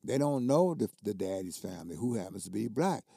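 A man's voice: lowish voice, very animated, brisk, creaky, dark tone, slightly rough, no echo, studio quality. An older man, a basketball coach telling stories as a guest in casual, emphatic, colloquial talk. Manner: colloquial, emphatic, repeats words when worked up. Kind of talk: casual conversational storytelling.

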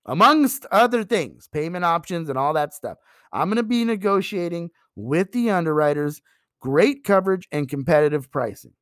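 A man giving a sales training talk, emphatic and animated, acting out pitches to customers. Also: moderate pace, no echo, studio quality.

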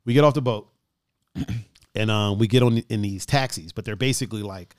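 A man from Ohio co-hosting a stream, chatting casually, laughing often and swearing as he tells animated stories. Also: fairly low pitch, moderate pace, no echo, studio quality. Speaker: stream co-host. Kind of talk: casual chat.

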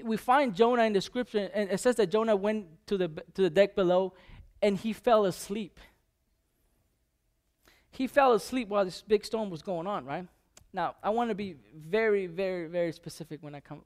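A man giving an informal sermon, talking conversationally with many restarts and fillers. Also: sits high. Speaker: preacher.

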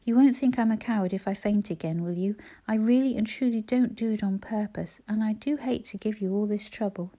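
A woman's voice: mid-range voice, a little fast, hardly any pauses, warm tone, natural voice. A woman voicing an injured, polite schoolboy in a storybook reading, weak and apologetic.

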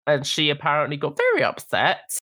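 A man's voice: a little high, huge pitch swings, a little fast, sharp tone, no echo. Sarcastic young man, dry close mic. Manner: indignant, sarcastic. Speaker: podcast co-host. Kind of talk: casual opinion chat.

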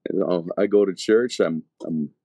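Middle-aged male evangelist, low voice, rambling testimony in a dry room, full of "you know". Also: normal speed, mellow, breathy edge, no room sound. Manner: storytelling, acting out past dialogue. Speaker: evangelist telling his testimony. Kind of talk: casual spoken testimony.

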